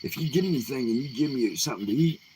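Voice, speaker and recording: A man voicing a sly, greedy magic snake that pleads in a high voice. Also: expressive, fast talker, a little mellow, a little hiss or hum, natural voice, low-quality recording. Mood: wheedling.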